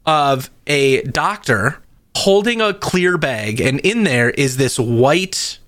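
A man co-hosting a casual podcast chat, telling stories in an animated way and jumping his pitch for emphasis. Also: takes it slowly, no echo. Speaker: podcast co-host.

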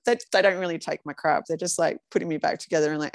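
A woman, an ultra runner, telling candid stories in a casual interview with halting restarts. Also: on the low side, steady tone, dry recording.

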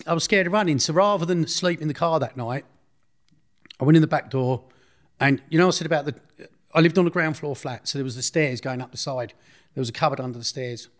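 A man recounting a personal story in an interview, blunt and slangy, often restarting his sentences. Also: on the high side.

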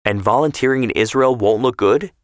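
A man reading the part of a sharp-tongued, affectionate grandfather in a story, in plain banter. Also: mid-range voice, brisk, no echo, clean studio sound, voice pushed up, natural voice. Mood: teasing. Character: feisty, teasing grandfather, older man.

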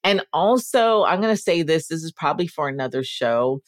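A woman with a notably low voice co-hosting a casual podcast. She is playful and theatrical, talking straight to her listeners, and the recording is dry and close. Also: expressive, a little fast, no echo. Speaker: podcast co-host. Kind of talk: casual chat.

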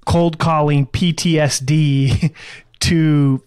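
A man's voice: a little high, steady tone, very slow, a little mellow, clear, resonant tone, dry recording, clean studio sound. Man hosting and giving coaching advice. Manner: reflective, coaching tone. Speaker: podcast host. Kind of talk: conversational interview.

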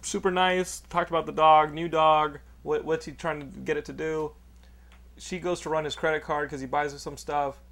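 Host: man, slightly higher voice with gravel, rambling jokey chat. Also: flat delivery, normal speed, fairly bright tone. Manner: rambling, joking, frequent restarts. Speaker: podcast host. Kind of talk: casual chat. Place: Los Angeles area studio.

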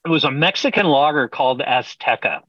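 A man's voice: mid-range voice, lively intonation, fairly quick, fairly bright tone, dry recording, dull audio. Rambling middle-aged man telling stories. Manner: rambling, self-interrupting with frequent fillers and laughs. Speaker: brewer, podcast guest. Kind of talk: casual storytelling interview.

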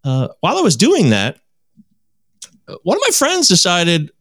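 A man in his forties chats casually and pokes fun at himself as he tells his stories. His voice sits a little high and rises and falls a lot. The sound is dry and close. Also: normal speed, dry recording. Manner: animated, self-mocking storytelling. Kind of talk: casual chat.

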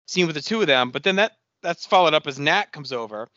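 A man with a bright, forceful voice pitched a little high, co-hosting a podcast in loose, easygoing chat. He recaps scenes in a relaxed way and fills his talk with "like" and "um." The sound is dry and a bit dull and lo-fi. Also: fast, dry recording. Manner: relaxed, filler-heavy storytelling. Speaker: podcast co-host. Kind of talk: casual chat recapping a TV episode.

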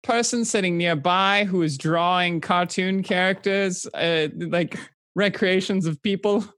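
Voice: medium pitch, a little slow, fairly bright tone. Curious player full of questions. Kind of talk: casual tabletop play.

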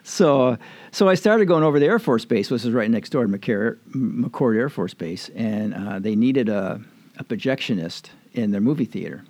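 A man's voice: mid-range voice, expressive, normal speed, a little mellow, dry recording. An older man, interviewed, telling old stories in a rambling, chuckling way with plenty of fillers and restarts. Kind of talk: casual storytelling reminiscence.

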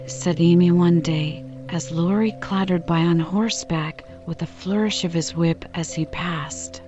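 Woman narrating an audiobook, measured and gentle, slow, lowish voice, slightly dull lo-fi recording. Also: fairly even intonation, faint music behind. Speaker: audiobook reader.

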